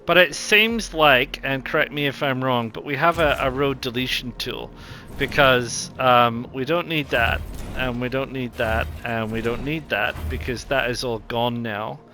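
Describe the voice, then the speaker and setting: A man's voice: mid-range voice, unhurried, bright, forceful tone, slight background noise. A man with a New Zealand accent casually commentating a strategy game, thinking aloud with lots of ums. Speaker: gaming channel host.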